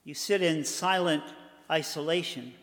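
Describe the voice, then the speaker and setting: An older man from Boston telling a personal story in a measured way, with dramatic pauses. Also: a little high, fairly bright tone. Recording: long hall reverb.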